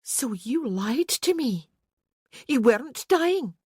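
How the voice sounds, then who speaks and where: A woman reading an audiobook puts on a fierce young Highland woman, her voice pushed high, urgent and emphatic, quick to scold. The read is close and dry, with no room sound. She stays stubborn and sharp-tongued throughout. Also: big pitch swings, slightly rough, no room sound, full character voice. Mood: indignant. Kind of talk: audiobook character voicing.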